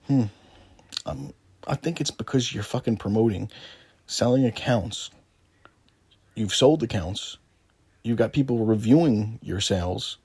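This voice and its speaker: A man's voice: lowish voice, a little slow, pauses often, a little mellow, slightly rough, dry recording. A man giving sarcastic, taunting commentary over a screen recording, swearing often. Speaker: gaming video creator.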